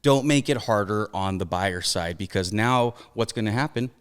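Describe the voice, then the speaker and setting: Young male host, smooth voice, eager chat, reverb trailing off the room. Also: lowish voice, normal speed. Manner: eager, enthusiastic. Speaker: podcast host. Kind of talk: casual podcast chat.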